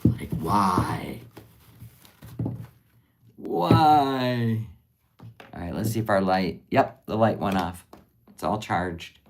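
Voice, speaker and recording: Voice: low-pitched, fairly even intonation, normal speed, slight background noise. A live-streamer chatting casually while finishing crafts, rambling and answering viewer comments as they come in. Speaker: livestream crafter.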